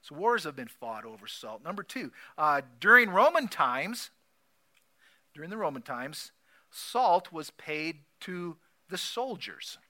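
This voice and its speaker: A man preaching a sermon, repeating key phrases emphatically and swinging between loud declarations and soft asides. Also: a little high, sing-song, measured pace. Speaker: pastor.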